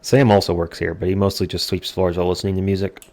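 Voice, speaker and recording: A man's voice: low-pitched, level tone, quick pace, darkish tone. A man giving casual, jokey let's play commentary with self-deprecating asides.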